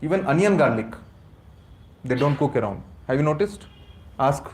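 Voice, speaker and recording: A man with an Indian accent teaches a spiritual class in a lively, rhetorical way. He keeps asking his listeners questions and drifts between English and Hindi, with a fairly high voice for a man. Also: normal speed, a little hiss or hum. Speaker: course teacher at a temple. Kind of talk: lecture to a class.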